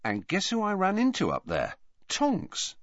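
A man's voice: sits high, wildly swooping pitch, measured pace, no echo, pitched above the performer's own voice, full character voice. A man voicing an awkward, earnest teenage boy in an audiobook reading. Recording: dull dry audiobook recording.

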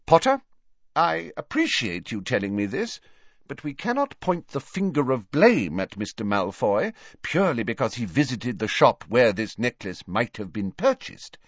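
A man voicing a strict older woman professor in a storybook reading, clipped and brisk, on a dull, dry recording. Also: mid-range voice, big pitch swings, no room sound, voice pushed up. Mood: stern.

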